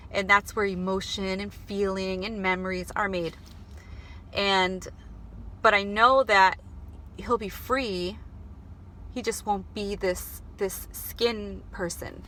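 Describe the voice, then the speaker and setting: Bright-voiced woman sharing spiritual messages. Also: medium pitch, steady tone, slight background noise. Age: adult, married. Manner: earnest, emotional, halting with restarts. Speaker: vlogger. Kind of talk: spiritual vlog monologue. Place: before going to work.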